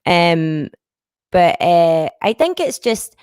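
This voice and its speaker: A woman in her thirties speaks in a broad Lanarkshire Scottish accent, frank and chatty, dropping fillers as she talks. Her voice sits a little low for a woman. The recording is close and dry. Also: sing-song, takes it slowly, darkish tone, smooth, no echo. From Scotland. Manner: frank and chatty, sprinkled with fillers and a stray swear. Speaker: musician guest. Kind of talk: casual interview chat.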